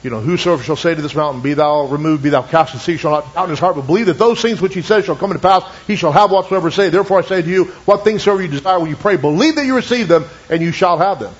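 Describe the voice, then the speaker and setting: A man preaching a sermon, retelling a testimony with many asides and quoting it in slow, lowered tones. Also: husky. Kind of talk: sermon storytelling. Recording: dull lo-fi recording.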